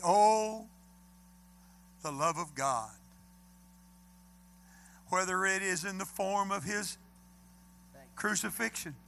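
A man preaching a sermon in a church, swinging from loud to hushed. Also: sits high. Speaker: pastor. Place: church sanctuary.

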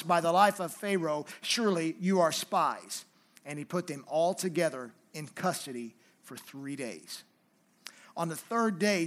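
A pastor preaching a sermon, reading scripture aloud with rising emphasis and then explaining it in a softer, conversational way. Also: male voice, a little high.

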